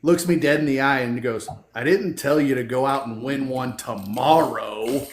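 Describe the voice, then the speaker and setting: A man's voice: mid-range voice, normal speed. Man talking in an echoey room. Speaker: podcast host. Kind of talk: casual conversation. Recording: echoey room with faint hiss.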